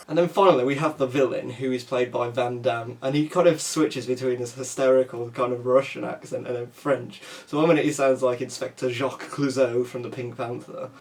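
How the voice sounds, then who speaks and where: A man's voice: medium pitch, fairly even intonation, moderate pace, hardly any pauses, a little mellow. A man giving a casual, chatty film review full of asides. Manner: chatty, lots of you-knows and restarts.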